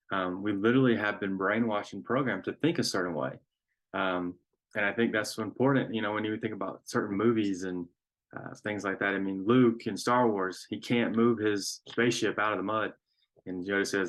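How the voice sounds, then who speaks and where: Low-voiced man giving a slow reflective spiritual talk. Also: steady tone, fairly bright tone. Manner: reflective, unhurried, frequent ums. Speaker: spiritual teacher.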